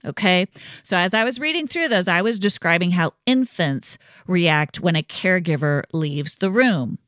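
A woman's voice: lowish voice, lively intonation, normal speed, no echo. Reassuring woman podcast host, dry sound. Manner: warm reassuring, conversational with many "right?" asides. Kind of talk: solo podcast teaching.

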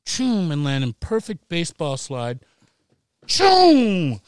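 Animated, swearing middle-aged man spinning yarns. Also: medium pitch, normal speed, clean tone, no room sound. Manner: animated, swears freely, laughs through the story. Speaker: podcast guest. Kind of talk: casual storytelling.

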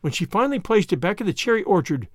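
A man hosting a podcast and narrating a classic novel aloud with lively, expressive reading and voices for each character. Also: high-pitched, quick pace, no room sound, studio quality. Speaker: audiobook reader and podcast host.

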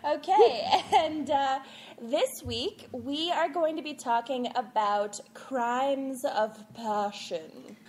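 A woman co-hosting a casual podcast with a high, bubbly voice. She talks at an unhurried pace and laughs easily. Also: darkish tone, slight background noise. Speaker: podcast co-host. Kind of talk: casual chat.

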